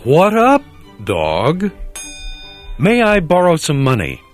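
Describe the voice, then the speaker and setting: A man's voice: a little high, wildly swooping pitch, takes it slowly, faint music behind, full character voice. A man playing a prim, stuck-up young man. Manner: stiff and overly polite.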